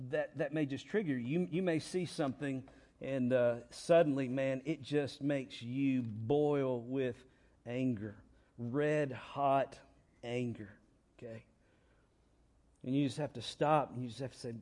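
A man's voice: medium pitch, a little slow, mellow. A man preaching a sermon, repeating key lines and asking rhetorical questions. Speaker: pastor. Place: church.

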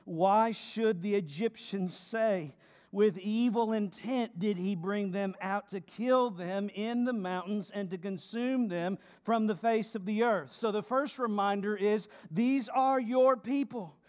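A man pastor preaching a sermon, reading scripture and explaining it, swinging between loud emphatic passages and hushed, low delivery. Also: measured pace, big-room sound.

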